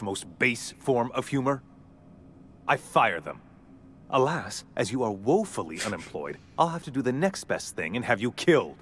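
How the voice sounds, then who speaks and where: A man's voice: medium pitch, slight background noise, close to an everyday voice. An actor playing a pompous, ruthless corporate chairman villain in a video game, haughty and sneering, swearing coldly.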